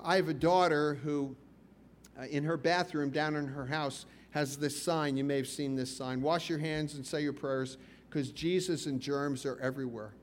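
A man's voice: fairly high pitch, a little hiss or hum. A middle-aged man preaching a sermon as pastor, telling stories in a conversational way and asking the congregation questions.

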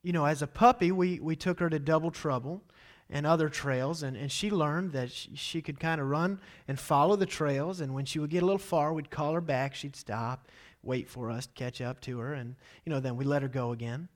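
A man in his thirties, a pastor giving a sermon with animated storytelling. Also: fairly high pitch, normal speed. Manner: animated storytelling, acts out quotes loudly.

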